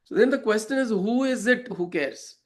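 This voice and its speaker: A man's voice: high-pitched, animated, moderate pace. A man explaining a scripture verse as a spiritual teacher, reflective, asking rhetorical questions and telling parables.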